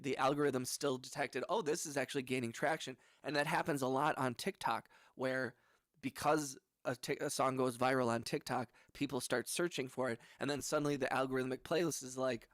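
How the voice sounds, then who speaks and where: A man's voice: medium pitch, a bit bright, dry recording, clean studio sound. A young man, a music producer, chatting casually on his livestream in a laid-back, rambling, slangy way. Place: home music studio. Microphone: studio microphone.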